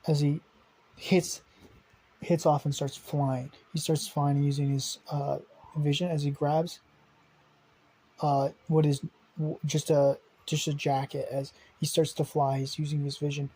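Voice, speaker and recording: Husky young man rambling through a story. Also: on the high side, little pitch movement, unhurried, mellow, low-quality recording. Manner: rambling, with fillers, restarts and swearing. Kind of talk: improvised fan-fiction storytelling.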